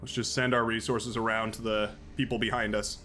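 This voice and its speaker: A man streaming a strategy game live, chatting and thinking aloud excitably as he plays. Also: fairly low pitch, a little fast, slight background noise.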